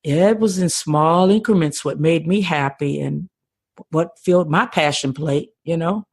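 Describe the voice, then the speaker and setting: A woman's voice: sits low, unhurried, a little mellow, breathy edge, no room sound, clean studio sound. An older woman talking earnestly and with passion as a podcast guest, often repeating words as she starts a thought. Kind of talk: conversational interview.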